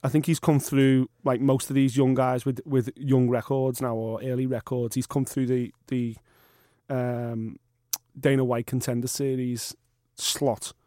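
A man's voice: mid-range voice, little pitch movement, unhurried, warm tone, no room sound, studio quality. A man co-hosting a podcast in casual chat, blunt and enthusiastic with strong opinions. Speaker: podcast co-host.

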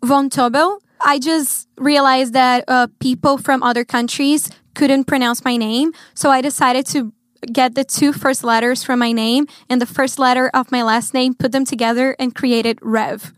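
A woman's voice: high voice, steady tone, normal speed, no echo, clean studio sound. A young woman singer from Brazil with a Brazilian Portuguese accent, chatting cheerfully in an interview about her music. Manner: upbeat, cheerful, laughs often. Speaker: guest singer. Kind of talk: casual interview chat.

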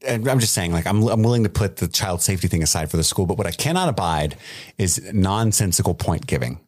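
A man co-hosting a podcast, chatting casually and profanely about a movie with big swings in pitch. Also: fast talker. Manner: animated, profane, swings pitch widely for emphasis. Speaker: podcast co-host. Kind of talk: casual movie review chat.

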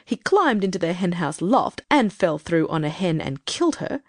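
A woman voicing a stern, irritable grown woman in an audiobook, speaking in a brisk, firm, scolding way. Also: fairly low pitch, big pitch swings, no room sound, studio quality. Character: stern, irritable grown woman who sets strict rules. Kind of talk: audiobook character reading.

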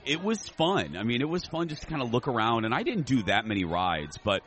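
A man's voice: medium pitch, fairly bright tone. A man co-hosting a podcast, chatting and joking as he rambles through stories, recorded on location in a restaurant. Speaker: podcast co-host. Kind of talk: casual chat. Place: themed restaurant.

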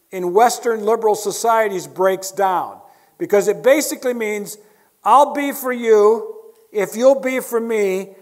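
A man preaching a sermon, emphatic and building his points through repetition, with wry asides to the audience. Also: high voice. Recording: long hall reverb.

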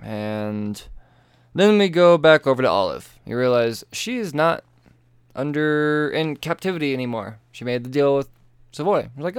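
Host: tipsy, foul-mouthed man recapping comics, smooth clear voice, dry close sound. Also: mid-range voice, dry recording. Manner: animated, profane, acts out characters in quick bursts. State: tipsy from drinking. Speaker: podcast host. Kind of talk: casual comic book recap.

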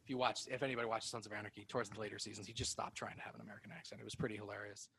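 Fast-talking casual male podcast host. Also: lowish voice, steady tone, creaky, a crowd in the background, low-quality recording. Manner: fast, rambling, swears casually, dips into mock accents. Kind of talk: casual chat.

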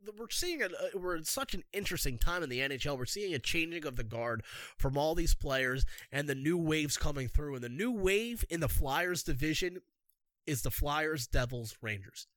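A man rants on his sports podcast, cursing freely and hammering the same urgings over and over. His voice sits fairly high and swings widely up and down. He is recorded close and dry on a podcast mic. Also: expressive, normal speed, a bit bright, no room sound. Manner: profane, fired-up, repetitive exhortations. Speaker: podcast host. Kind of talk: solo sports podcast rant. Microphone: podcast microphone.

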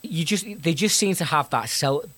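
A man talking football on a podcast, thoughtful and halting. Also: a little high, expressive, fairly bright tone. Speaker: podcast panelist. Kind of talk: casual football chat.

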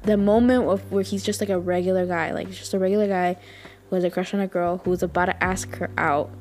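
A woman's voice: fairly low pitch, steady tone, fast, a little mellow, slight background noise. A woman hosting a podcast, chatting casually and gushing, with lots of fillers. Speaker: podcast host. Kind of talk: casual chat.

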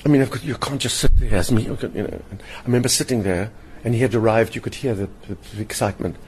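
A man's voice: on the low side, fast. An older man, a satirist telling theatrical anecdotes in an interview and mimicking the people in them. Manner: lively, theatrical, mimics other voices in anecdotes. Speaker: satirist and performer, interview guest. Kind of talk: animated storytelling in conversation. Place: hotel lounge. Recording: faint room noise in a hotel lounge.

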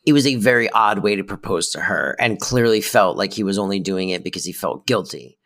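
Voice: sits low, a little fast, fairly bright tone, no room sound, clean studio sound. A podcast co-host in casual chat, thinking aloud about why the characters acted as they did. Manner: reflective, analyzes the characters.

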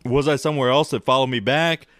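A man chatting on a podcast, his voice sitting at an ordinary middle pitch and captured close and dry with no room sound. He rambles, swears freely and gets animated as he lays out his theories. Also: fast, no room sound. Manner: rambling, profane, animated storytelling. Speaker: podcast co-host. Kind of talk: casual chat.

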